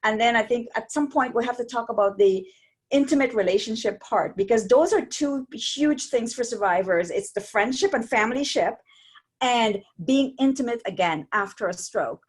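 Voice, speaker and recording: A woman, a stroke survivor telling her story as an interview guest in a rambling, animated way with many restarts. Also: on the high side, normal speed, breathy edge. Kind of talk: casual interview chat.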